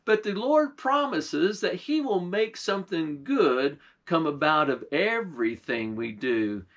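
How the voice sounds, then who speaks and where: A man, a pastor, telling a folk tale in folksy, unhurried storytelling with dialect words, then closing with a short sermon. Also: on the high side, expressive, a bit bright.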